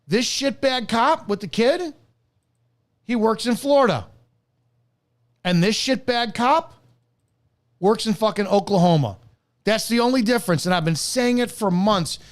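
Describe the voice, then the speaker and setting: A man's voice: sits high, lively intonation, unhurried, long pauses. A man who is a former police officer, hosting a live stream and delivering an angry, profane commentary rant.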